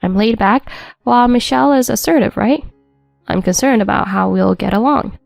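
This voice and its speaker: A woman's voice: a little high, normal speed, vocal fry, no room sound, faint music behind. A woman narrating a first-person story in a wry, matter-of-fact scripted read.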